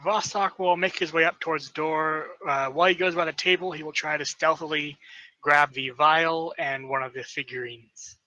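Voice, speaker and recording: Man, tabletop player, matter-of-fact, very bright tone, slightly high pitch. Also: steady tone, moderate pace, no room sound, dull audio. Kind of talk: declaring character actions.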